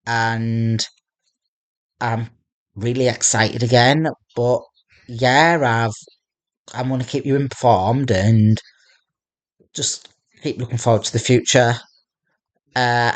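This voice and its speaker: A man in his thirties from northeast England speaks slowly in a personal video diary. His voice sits at an ordinary middle pitch, and he keeps stopping to repeat and restart his phrases as he goes. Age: 30s. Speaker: vlogger.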